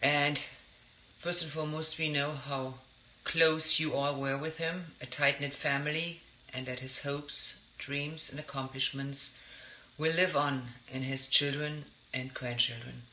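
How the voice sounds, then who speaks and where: A man giving a formal, measured condolence message. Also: a little high, steady tone, sharp tone. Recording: echoey room, faint noise.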